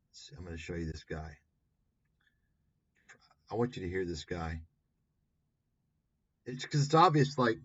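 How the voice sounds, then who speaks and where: A man's voice: mid-range voice, a bit bright, muffled recording. A man hosting a livestream, talking in a sarcastic, profane, rambling way. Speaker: livestream host. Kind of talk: livestream commentary.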